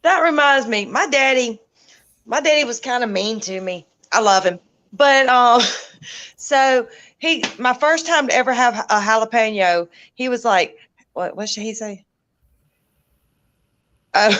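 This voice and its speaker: A woman's voice: a little high, lively intonation, takes it slowly, pauses often, a bit bright. A woman with a Southern US accent, joking and teasing as a podcast co-host in casual chat.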